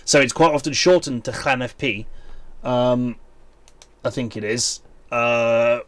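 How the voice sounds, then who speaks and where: A man's voice: medium pitch, takes it slowly, a bit bright, no room sound. A man with a Welsh accent chatting casually with viewers while streaming a game, rambling and thinking aloud. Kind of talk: casual live-stream chat while gaming.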